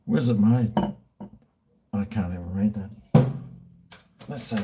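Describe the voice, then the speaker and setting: A man's voice: on the low side, lively intonation, slow pace, over loud music. A middle-aged Australian man chatting casually, rambling and joking crudely. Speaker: vlogger answering viewer questions. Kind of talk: casual chat.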